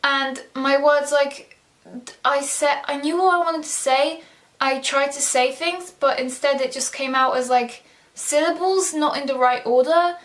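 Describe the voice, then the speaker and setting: A teenage girl talks straight through a casual storytime vlog. Her voice sits high, and her talk is loose and chatty, packed with "like" and swearing. She jokes at her own expense and puts on bigger voices when she quotes people. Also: fairly even intonation, measured pace, fairly bright tone. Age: teens. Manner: chatty, swears, frequent "like" fillers, self-mocking; acts out quoted voices with pitch jumps. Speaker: vlogger.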